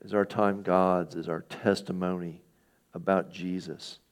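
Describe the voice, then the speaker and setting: This middle-aged pastor has a smooth, low voice with little pitch movement and an unhurried pace. He delivers his sermon like a conversation, asking the listeners questions and voicing the quoted speakers from the passage.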